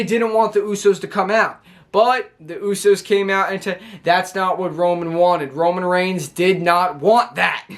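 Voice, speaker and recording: A man casually recapping a wrestling show for his vlog, rambling with many restarts and fillers, filmed at home on his own camera. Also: sits high.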